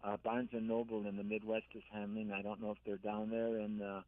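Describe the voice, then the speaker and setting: An older man, an author and caregiver, telling gentle stories in a radio interview, halting and repeating words as he speaks. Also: lowish voice, flat delivery, dry recording. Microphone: phone. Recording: tinny dry phone line.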